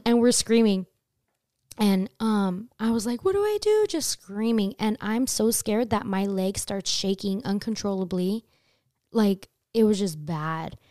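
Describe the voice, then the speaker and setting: An animated young woman tells a story on a casual chat show, swearing freely and leaping up in pitch when she acts out her own panic. Her voice is mellow and warm. It sounds dry and close, with no room echo. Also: a little slow. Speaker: podcast host telling a story.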